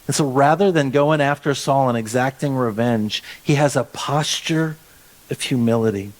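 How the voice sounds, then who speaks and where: A male pastor delivers a sermon in a conversational style, frequently restarting phrases and drawing out words for emphasis. His voice sits in the mid range and moves at a normal speed.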